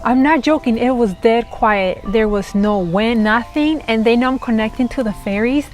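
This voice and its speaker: Woman, tarot reader, gushing, giggly, fairly high-pitched, faint background music. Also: normal speed, a little mellow. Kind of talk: spiritual tarot reading.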